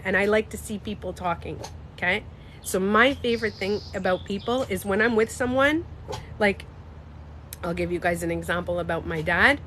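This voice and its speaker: A woman's voice: medium pitch, fairly bright tone, a little hiss or hum. A young woman hosting a casual livestream, talking emphatically and answering chat comments. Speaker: livestream host.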